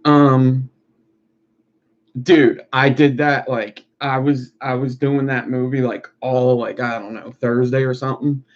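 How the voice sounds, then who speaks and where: A streamer making wire art chats casually on a live stream as he builds, rambling, profane, and laid-back. His medium-pitched voice is flat and unhurried, and the recording is lo-fi and muffled.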